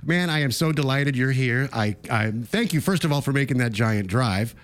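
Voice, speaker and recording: A man's voice: medium pitch, expressive, normal speed. A man hosting a morning radio show, introducing a live guest in an enthusiastic, conversational way from the studio.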